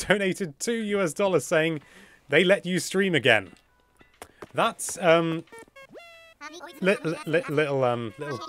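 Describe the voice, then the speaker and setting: A British man hosting a live gameplay stream, chatting in an excitable, gushing way as he tours an island. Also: on the high side, slight background noise. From Britain. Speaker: livestream host.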